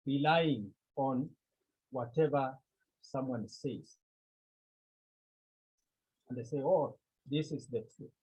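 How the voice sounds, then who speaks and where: A man with a Cameroonian accent teaching a Greek class, speaking slowly and deliberately, often checking with his students. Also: mid-range voice, darkish tone, husky. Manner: slow, deliberate, repeats key points and checks with "Okay?". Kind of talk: classroom lecture. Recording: tinny phone-like line.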